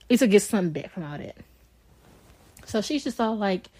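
A woman's voice: mid-range voice, expressive, brisk, warm tone, no echo. A young woman, bluntly and heatedly telling a story on a casual podcast, swearing freely. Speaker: podcast co-host.

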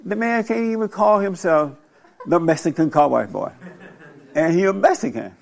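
An older man with a gravelly, somewhat raised voice hosts a casual talk show. He speaks bluntly and rambles through stories, laughing often as he talks. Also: high voice, expressive, moderate pace, darkish tone.

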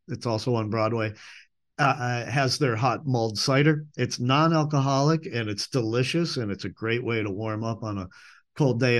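Man, podcast host, casual monologue, rambling, self-correcting, filler words, mid-pitched voice.

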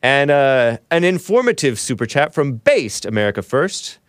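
A man hosting a casual live-stream talk show, rambling and joking, laughing often and jumping into a high voice at times. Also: very animated, normal speed, smooth, dry recording, studio quality. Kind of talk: casual live-stream chat reading viewer messages.

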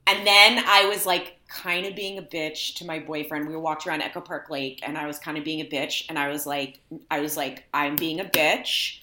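A woman guest in casual chat, an animated storyteller who acts out quotes. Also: low-pitched, brisk, few pauses, echoey room. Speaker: guest, TV writer.

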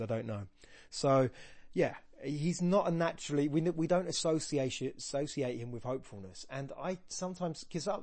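A man talks through a poem in a loose, joking way, often doubling back on himself. His voice sits at an ordinary pitch for a man. The recording is close and dry, with no room sound. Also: a little mellow, no echo. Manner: rambling, jokey, self-deprecating, with frequent restarts. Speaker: podcast host discussing poetry. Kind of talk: casual spoken analysis.

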